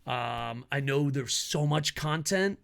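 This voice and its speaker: A man hosting his own wrestling commentary show, ranting casually with lots of swearing, laughter and excitable asides. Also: mid-range voice, slow, gravelly. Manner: profane, excitable, laughs a lot. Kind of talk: casual opinion rant.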